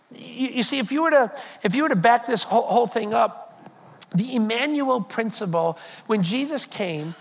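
A male pastor preaching a sermon to a congregation, animated and conversational, with frequent repetitions. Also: extremely high pitch, moderate pace, creaky. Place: church hall before a congregation.

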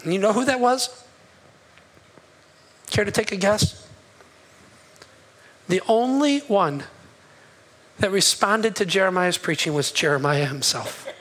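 A male pastor with a high, somewhat bright voice preaches slowly with frequent pauses, heard in a rough recording. His sermon in church is impassioned yet conversational, and he puts questions to the congregation.

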